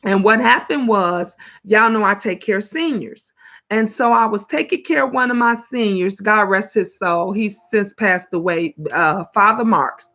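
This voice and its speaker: A woman from Illinois with a Chicago accent, hosting a casual livestream chat, animated and chatty, laughing often and reading viewers' comments aloud. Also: medium pitch, unhurried. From Illinois, USA. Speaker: livestream host. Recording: lo-fi webcam audio.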